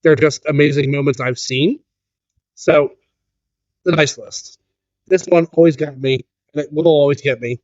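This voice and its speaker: Earnest man, slightly high voice. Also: steady tone, normal speed, pauses often, darkish tone, dry recording. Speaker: podcast co-host. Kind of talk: casual chat. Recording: dull, dry lo-fi sound.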